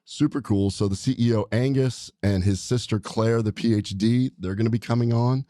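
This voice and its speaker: A man's voice: on the low side, fairly even intonation, moderate pace, warm tone, no echo, clean studio sound. A man hosting a casual podcast, talking upbeat and enthusiastic with a rambling flow. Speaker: podcast host, doctor. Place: studio.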